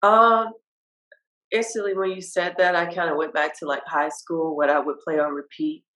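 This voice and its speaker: A woman from Virginia, a rapper guest on a casual podcast, talking in a relaxed, candid way with casual swearing and hesitant fillers. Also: low-pitched, normal speed, low-quality recording.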